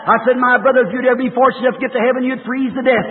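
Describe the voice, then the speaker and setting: Male preacher, very high voice, fervent, shouting; old tinny hall recording. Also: flat delivery, very fast, few pauses, some chatter behind, slight background noise. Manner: fervent, breaks into shouted exclamations. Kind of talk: revival sermon.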